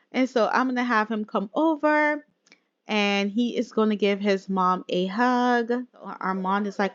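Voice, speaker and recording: A woman hosting her gaming channel, chatting casually over gameplay, laughing often and voicing the characters in quick asides. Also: mid-range voice, dry recording. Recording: dull lo-fi sound.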